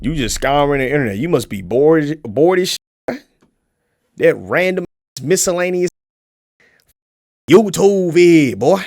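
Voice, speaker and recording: A young man streaming a casual reaction video, profane and mocking, swinging into shouts. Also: on the high side, animated, measured pace, long pauses, no echo, clean studio sound.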